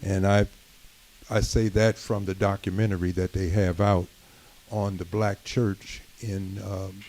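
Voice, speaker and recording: A middle-aged man giving a sermon-style address at a community gathering, measured and full of "uh" fillers, building to emphatic points. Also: sits low, little pitch movement, darkish tone, low-quality recording.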